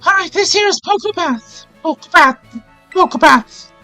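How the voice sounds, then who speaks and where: A man voicing a cheery game guide character in an exaggerated falsetto while reading the game's dialogue aloud. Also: lively intonation, normal speed, bright, forceful tone, faint music behind, exaggerated voice. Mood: chirpy.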